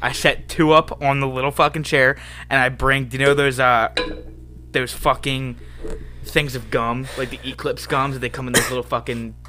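A man's voice: medium pitch, flat delivery, normal speed, sharp tone, faint music behind. A young man in casual podcast chat, rambling and swearing freely, calling everyone dude. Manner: rambling, swears a lot, says dude constantly.

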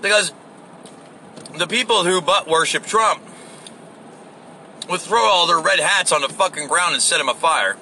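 A man's voice: high voice, measured pace, pauses often, pushed and bright, slight background noise. A man hosting a podcast, ranting off the cuff outdoors in a crude, sarcastic way and swearing constantly. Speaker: podcast host. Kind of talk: profane off-the-cuff rant.

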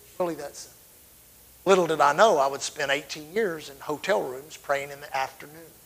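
A middle-aged man delivers a sermon, telling stories from the pulpit with fervor. His voice sits somewhat high for a man. He swings from loud, surging lines to quiet asides. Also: a little fast, creaky, low-quality recording. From Texas. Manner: fervent storytelling with sudden loud swells and drops. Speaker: preacher.

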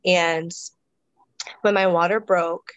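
A woman's voice: on the low side, flat delivery, takes it slowly, a bit bright, no echo, lo-fi sound. A woman guest in a casual interview, talking reflectively with many restarts and fillers. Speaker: guest describing her births.

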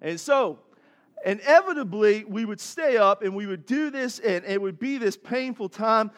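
Male pastor, high voice, middle-aged, animated sermon storytelling, soft then loud. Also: moderate pace.

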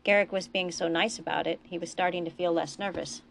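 Low, gravelly woman reading fiction. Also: fairly even intonation, a little fast, slight background noise. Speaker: author reading her fiction. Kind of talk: reading a novella aloud.

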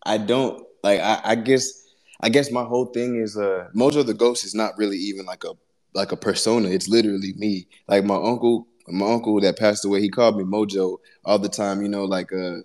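A man, a guest musician, talking casually about his music in a reflective, halting way. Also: fairly low pitch, fairly even intonation, darkish tone. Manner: reflective, halting, searching for words. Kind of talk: casual conversation.

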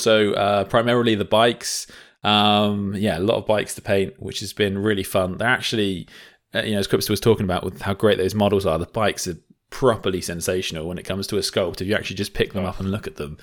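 Low-voiced man steering a podcast. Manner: steady, leads topics, relaxed fillers. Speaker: podcast host. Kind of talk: casual chat.

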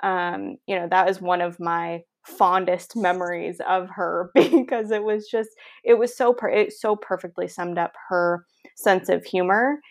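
A woman hosting a podcast interview, telling a personal story in a soft, storytelling way. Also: fairly low pitch, fairly even intonation, unhurried. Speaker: podcast host.

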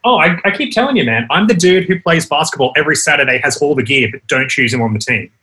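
A man's voice: a little high, expressive, quick pace, pushed and bright. An Australian man chatting casually on a call and laughing often. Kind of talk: casual chat.

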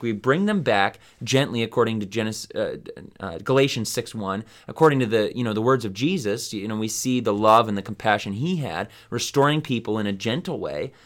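A man's voice: medium pitch, fairly bright tone. A man hosting a Bible study podcast, teaching in a casual, rambling way with many fillers and restarts.

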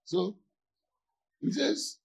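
A man's voice: very slow, low-quality recording. A man preaching as a pastor in a conversational sermon, often checking in with his listeners to see if they follow.

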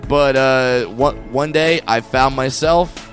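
A man's voice: medium pitch, slow, fairly bright tone, soft background music. A man co-hosting a comedy podcast, jokey and teasing in casual chat. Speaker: co-host.

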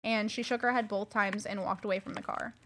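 A woman's voice: mid-range voice, fairly even intonation, brisk, fairly bright tone, a little hiss or hum. A young woman co-hosting a true crime podcast, telling the case in casual chat with many fillers and restarts. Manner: chatty, many likes and restarts. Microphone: podcast mic.

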